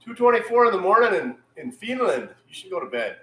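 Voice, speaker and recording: A man's voice: sits high, very animated, a little fast, fairly bright tone, roomy sound, rough recording. A man hosting a casual livestream from his repair shop, rambling and reading viewer comments aloud. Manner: laid-back, rambling, reads chat aloud. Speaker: channel host.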